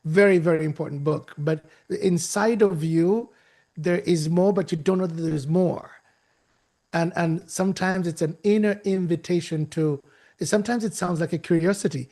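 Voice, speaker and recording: A man from Uganda giving a lively, preacher-like motivational talk, often repeating his phrases. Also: a little high, normal speed. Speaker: speaker at a youth talk.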